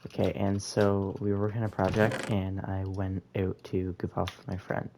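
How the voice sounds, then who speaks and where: Gravelly young man telling a story. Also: deep voice, level tone, moderate pace, noisy background. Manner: rambling, laid-back, full of fillers and slang. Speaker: gaming storyteller. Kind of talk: casual storytime narration over gameplay.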